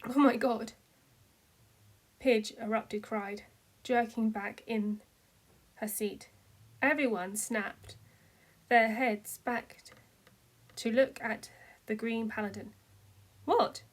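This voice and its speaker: Woman reading fanfic out loud, kinda high voice, takes it slow, pops up loud on the shouty lines. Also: steady tone. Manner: reads steadily, with voices rising into cries for dialogue. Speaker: fanfiction reader. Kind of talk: amateur read-aloud story narration.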